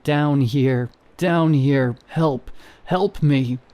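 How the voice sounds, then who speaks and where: A man voicing an inhuman creature that imitates a frightened young woman, shifting from whimpering pleas to a raspy whisper. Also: mid-range voice, drawn-out words, mellow. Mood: raspy beckoning. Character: creature mimicking a lost young woman, pleading then eerie.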